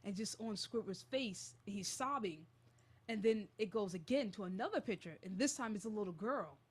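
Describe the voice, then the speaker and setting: A young woman hosting a college radio show, retelling a creepy story in a casual, animated and jittery way. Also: mid-range voice, normal speed, slightly rough.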